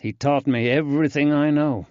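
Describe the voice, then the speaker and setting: A male narrator voicing an earnest, eager young man with a soft drawling accent in an audiobook. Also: fairly high pitch, steady tone, normal speed, dry recording, dull audio, voice pushed up, lightly acted.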